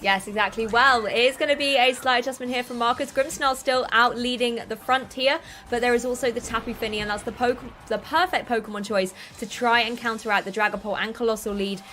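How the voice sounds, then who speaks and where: A woman commentating a competitive game match, calling the plays briskly and explaining the strategy behind them. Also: on the high side, steady tone, pushed and bright, soft background music. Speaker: esports commentator.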